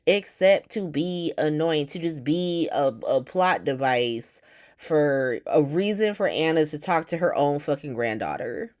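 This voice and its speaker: A woman with a low-pitched voice hosts a casual podcast recap. She talks bluntly and sarcastically, swears freely, and rambles through fillers. She keeps tossing out exasperated rhetorical questions. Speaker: podcast host recapping a soap opera.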